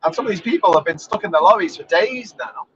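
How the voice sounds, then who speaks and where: A man rambles to his live stream from behind the wheel, dry and sarcastic, swearing freely. His voice sits a little high for a man. The recording is muffled and lo-fi. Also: animated, fast, fairly bright tone, a little hiss or hum. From England. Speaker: vlogger. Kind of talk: casual live-stream driving monologue. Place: inside a car while driving.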